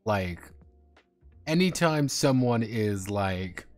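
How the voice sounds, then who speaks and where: Low voiced guy streaming, slow drawl, swears a lot, rambles off topic, faint music behind. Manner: rambling, profane, animated tangents. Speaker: streamer and game designer. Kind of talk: casual rambling stream chat.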